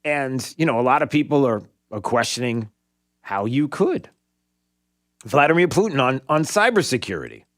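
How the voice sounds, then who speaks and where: A man's voice: medium pitch, big pitch swings, moderate pace, fairly bright tone. A male radio talk show host commenting with sarcasm and rhetorical questions in a conversational way.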